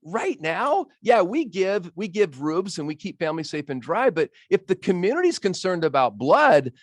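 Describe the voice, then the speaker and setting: A man's voice: high voice, very animated, moderate pace, dry recording, studio quality. A man, a roofing business owner on a video-call panel, telling earnest, emotional stories about giving back. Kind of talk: casual panel chat.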